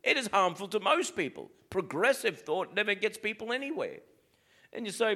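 Man, Australian accent, pastor, sermon, direct, higher pitched voice. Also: animated, brisk, vocal fry, bright, forceful tone. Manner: plain-spoken, direct preaching.

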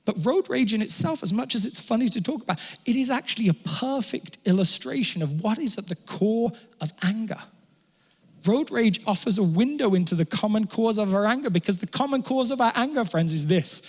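A man preaching a sermon, telling stories in an animated way and often restarting his words. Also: high-pitched, a little fast, husky. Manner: animated storytelling with stammered restarts. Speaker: pastor. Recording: long hall reverb.

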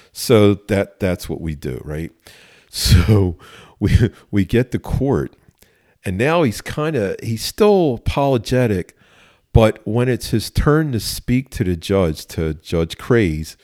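A man's voice: fairly low pitch, lively intonation, takes it slowly, darkish tone, dry recording, clean studio sound. A man, a police officer, telling an anecdote in a casual interview, with fillers and laughter. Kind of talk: casual storytelling.

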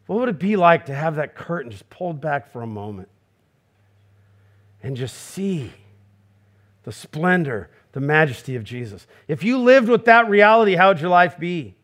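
A male pastor with a high-pitched voice delivers a sermon with emphatic, searching rhetorical questions. He acts out the voices he quotes. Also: lively intonation, normal speed, a bit bright.

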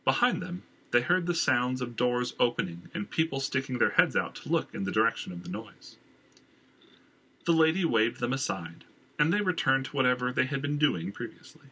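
Bright, husky male audiobook narrator. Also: mid-range voice, very animated, normal speed. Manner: casual reading with filler ums. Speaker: audiobook reader. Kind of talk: fiction narration.

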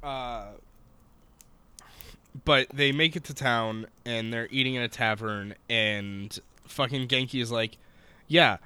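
A man's voice: mid-range voice, steady tone, slow pace, sharp tone, clear, resonant tone. A man co-hosting a podcast, recapping a show in casual chat, profane and jokey, laughing often. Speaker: podcast co-host.

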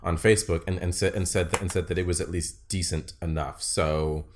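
A man co-hosting a film review podcast, speaking haltingly and repeating words as he gathers his thoughts. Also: sits low, steady tone, a little hiss or hum. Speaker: podcast co-host. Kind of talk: casual film review chat.

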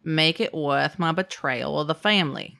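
A cold, scheming male gnome thug who haggles bluntly for a place in a gang, as a woman puts him on. The voice sits rather low and trips over halting fillers. It is a role voiced at a tabletop game. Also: vocal fry, sharp tone, exaggerated voice. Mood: bargaining. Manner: blunt, bargaining, hesitant fillers.

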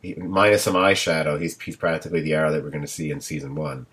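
A man's voice: very deep voice, fast talker. A man hosting a podcast in casual chat, joking and steering the talk to grades. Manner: lively, joking, leads the talk. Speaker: podcast host.

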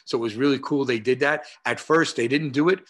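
A man in his sixties with a New York accent, a guest telling stories over a video call, animated and acting out dialogue between many "uh" fillers. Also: medium pitch, fairly quick. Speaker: guest, martial arts historian. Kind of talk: conversational storytelling.

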